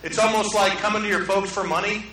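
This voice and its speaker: Guy preaching, high bright voice, booming church echo, off mic a bit. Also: steady tone, fast talker, far from the mic, slight background noise. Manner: folksy storytelling, acts out quotes. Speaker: pastor. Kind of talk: sermon. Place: church sanctuary. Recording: echoey hall, preacher away from mic.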